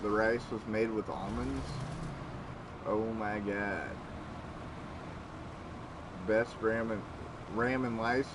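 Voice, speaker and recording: A man's voice: lowish voice, fairly even intonation, slow, long pauses, background noise. A man in casual gaming chat, talkative, laughing easily and griping.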